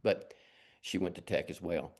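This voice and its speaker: Middle-aged West Texas man, low voice, folksy rambling storyteller, interview guest. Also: moderate pace. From Lubbock, Texas. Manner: rambling, folksy, self-deprecating. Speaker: guest artist.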